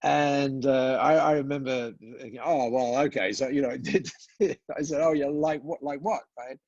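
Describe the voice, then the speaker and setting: An older man with a husky, breathy voice tells a story as a podcast guest, playing out the dialogue of the people in it with lots of "uh"s and restarts. The sound is dry and dull, like a low-fidelity remote recording. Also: unhurried, dry recording. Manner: animated storyteller, acting out quoted dialogue, frequent "uh" and repeats. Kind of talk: storytelling in conversation.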